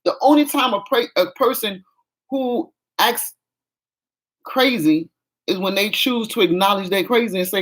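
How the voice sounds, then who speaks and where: A woman's voice: medium pitch, measured pace. A middle-aged woman, venting frankly in a casual vlog chat. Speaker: vlogger.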